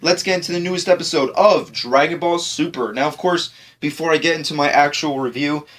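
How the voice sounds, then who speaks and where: A man with a somewhat high voice gives a casual spoken review of an anime episode. He sounds tired, like it's early morning. He is critical and opinionated, and he keeps falling back on stock phrases. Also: fairly quick, fairly bright tone. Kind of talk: casual video review monologue.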